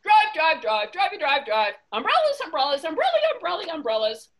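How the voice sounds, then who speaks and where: A woman voicing a fussy, worried male elephant who bosses and frets, with a bright, slow delivery in a storybook reading. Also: high voice, animated, exaggerated voice. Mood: chanting. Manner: bossy, chanting, fretful outbursts.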